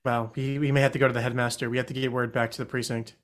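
A man's voice: mid-range voice, flat delivery, rapid-fire. A man in a tabletop game, speaking in character with a joking, mock-grand manner. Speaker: player. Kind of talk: in-character tabletop role-play.

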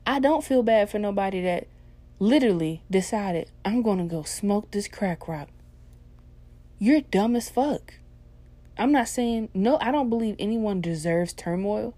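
A woman hosting a casual monologue, blunt and heavily profane, swinging into loud, animated rants. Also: medium pitch, normal speed.

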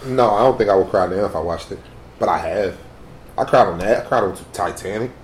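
A man in casual chat with friends, animated and profane, laughing often. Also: fairly low pitch, brisk, reverberant, a little hiss or hum.

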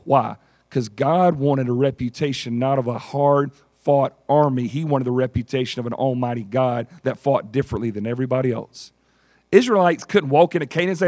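A man preaching a sermon and telling stories in an animated way, acting out the characters. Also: medium pitch, brisk. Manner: animated storytelling, acts out characters. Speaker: pastor.

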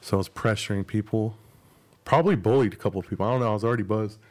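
A man's voice: fairly low pitch, racing, darkish tone. A young man hosting a podcast, telling a rambling, profane story about himself in a casual, self-mocking way. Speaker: podcast host.

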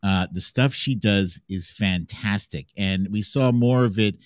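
A male panel guest with a low voice, recorded dry and close. He speaks hesitantly, pausing on fillers and restarts as he gets his thought out. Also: no echo. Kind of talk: casual panel talk.

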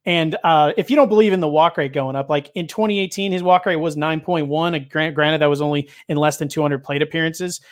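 A man with a voice a bit higher than most, talking over his player rankings in a loose, rambling way. He hedges and restarts his sentences often. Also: steady tone, a little fast, few pauses. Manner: rambling, self-correcting, hedging. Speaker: fantasy baseball podcast panelist. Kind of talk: casual chat.

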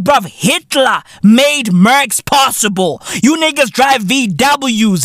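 A man's voice: very high-pitched, bright, forceful tone, no echo, clean studio sound. Profane ranting South African man. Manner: profane, mocking, heated ranting. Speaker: show host. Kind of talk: comedic rant.

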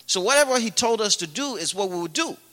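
A preacher from Africa tells stories in a loose, chatty sermon, dropping "you know" and laughing often. His voice sits high and sounds very bright. It carries a long reverb, as in a large hall. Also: animated, quick pace. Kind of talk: sermon with personal storytelling.

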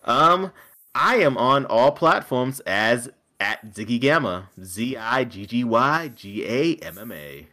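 A man's voice: medium pitch, sing-song, takes it slowly, bright, forceful tone. A man co-hosting a casual podcast, chatting in an easygoing way. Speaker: podcast co-host. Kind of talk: casual chat.

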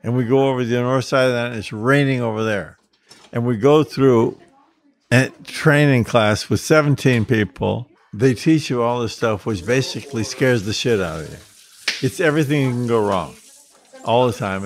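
A man casually telling a personal anecdote, vivid and lively, with frequent restarts. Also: mid-range voice, fairly quick. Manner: animated, vivid storytelling with restarts. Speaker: storyteller.

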